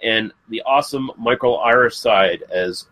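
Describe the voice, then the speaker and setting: A man's voice: mid-range voice, moderate pace, bright, forceful tone. A man hosting a casual film review podcast, laid-back and swearing casually. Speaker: podcast host.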